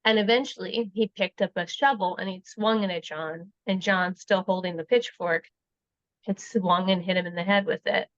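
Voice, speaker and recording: A woman's voice: medium pitch, fairly even intonation, normal speed, fairly bright tone, no room sound, highs cut off. A woman guest, a researcher and writer from Canada, retelling a true crime case in casual conversation and acting out the quoted lines.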